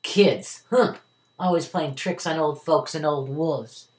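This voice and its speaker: A woman's voice: low-pitched, slow, darkish tone. A woman voicing a hungry, grumpy old male wolf who growls and schemes.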